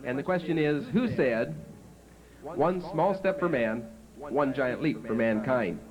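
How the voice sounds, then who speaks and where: A man voicing a prim, easily impressed female schoolteacher who gives slow, gushing praise. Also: medium pitch, lightly acted, rough recording. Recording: home video with festival crowd.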